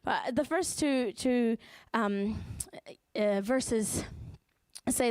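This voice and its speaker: A woman with a New Zealand accent preaching a sermon in church, telling the story with lively asides and acting out the voices of the people in it. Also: on the high side, drawn-out words, clean tone, no echo.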